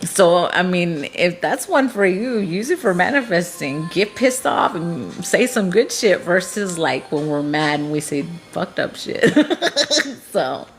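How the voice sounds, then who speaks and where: A woman's voice: fairly low pitch, big pitch swings, takes it slowly, faint music behind. A woman chatting casually to her livestream viewers about spiritual topics. She swears freely, rambles and laughs often.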